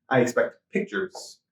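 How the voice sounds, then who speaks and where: A man hosting a casual interview, jokey and scattered, swearing casually. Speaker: interviewer, photographer host. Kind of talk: casual chat. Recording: echoey room.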